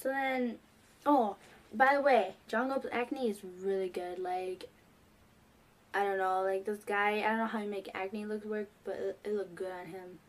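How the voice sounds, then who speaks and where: A teenage girl excitedly telling a rambling fan story, full of fillers. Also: mid-range voice, a little slow. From New York. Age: teens. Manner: gushing, rambling, many fillers. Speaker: fan vlogger.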